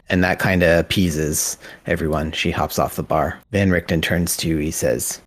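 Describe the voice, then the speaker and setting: A man narrating a tabletop game as game master, in a relaxed, loose manner. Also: deep voice, normal speed, hardly any pauses, no echo.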